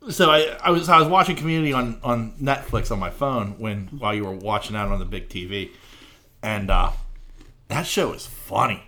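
A man's voice: fairly low pitch, normal speed, bright, forceful tone. A man co-hosting a podcast, mostly giving short agreeing replies and then talking up his own opinions in casual chat. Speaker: podcast co-host.

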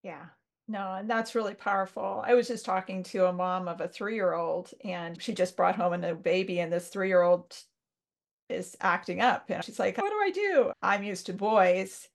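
A woman hosts a casual podcast, agreeing with her guest and sharing her own stories. Her voice carries a strong vocal fry that sounds gravelly. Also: on the low side, steady tone, normal speed. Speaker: podcast host.

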